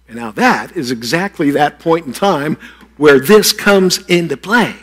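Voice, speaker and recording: A pastor giving a playful children's sermon, teasing and talking straight to the kids. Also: male voice, fairly high pitch, lively intonation, slow pace, a bit bright.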